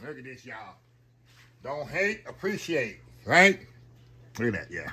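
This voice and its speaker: Lively chatty man cooking. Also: medium pitch, a little slow. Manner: folksy, chatty, talks straight to viewers as y'all. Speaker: cooking vlogger. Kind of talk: casual cooking vlog. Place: home kitchen.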